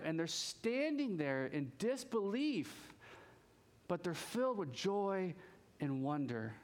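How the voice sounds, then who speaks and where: A man preaching a casual, conversational sermon as a pastor, chatty and animated, joking with the congregation as he goes. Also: high voice.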